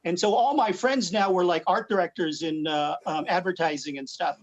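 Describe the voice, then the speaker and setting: A man's voice: high-pitched, moderate pace. Guest comics artist, male, rambling casual storyteller, muffled lo-fi call audio. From Philippines. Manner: rambling, many fillers and restarts. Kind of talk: casual livestream chat. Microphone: video call.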